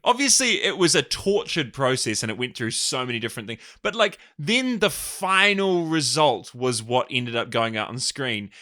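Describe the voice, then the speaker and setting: A man co-hosting a film podcast, talking in a wry, animated way as he builds his argument. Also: medium pitch, moderate pace, few pauses. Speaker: podcast co-host. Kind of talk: casual film review chat.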